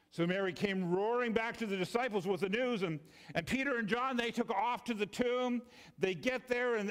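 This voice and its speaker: A man preaching in a church sanctuary, his voice sitting a little higher than most men's. He shifts between lifted retelling and sudden low, quiet emphasis, stumbling and repeating words as he talks. A long reverb hangs behind every phrase. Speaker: pastor. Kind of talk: sermon.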